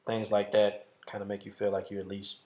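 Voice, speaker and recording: A man's voice: lowish voice, completely flat delivery, brisk, mellow. Dry-joking man in an echoey room. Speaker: podcast co-host. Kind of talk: casual chat.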